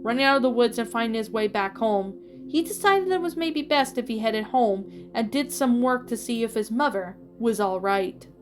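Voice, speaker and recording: A woman reading a fan fiction story aloud in a steady storytelling voice with small slips. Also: a little high, normal speed. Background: faint music.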